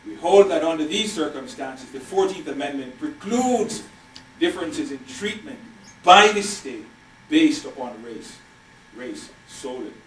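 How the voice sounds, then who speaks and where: A man's voice: on the high side, expressive, darkish tone, slight background noise. Older male professor lecturing with emphasis. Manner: measured, emphatic, repeats key phrases. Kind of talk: university lecture. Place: lecture hall. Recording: echoey lecture hall from far off.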